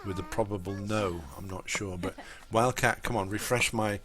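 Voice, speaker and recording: A man's voice: lowish voice, fairly even intonation, moderate pace. A man from England with an English accent, rambling casually to his chat while streaming a life-sim game. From Lincolnshire, England. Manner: rambling, chatty, talks to viewers in chat. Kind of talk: casual live-stream commentary.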